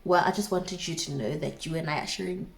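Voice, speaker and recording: A woman's voice: deep voice, a little fast, creaky, soft background music. A young woman in her twenties with a South African accent, casually telling a dramatic personal story to her viewers with asides. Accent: South African English.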